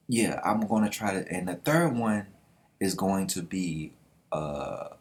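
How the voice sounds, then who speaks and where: A man hosting a casual manga reaction vlog, excited and slangy, swearing freely. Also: sits low. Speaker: manga reaction channel host.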